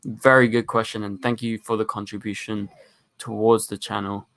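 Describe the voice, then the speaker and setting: Young man with a gravelly low voice. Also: flat delivery, moderate pace, fairly bright tone. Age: young adult. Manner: rambling, reads chat questions aloud, many fillers. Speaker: livestream host. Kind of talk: casual livestream chat.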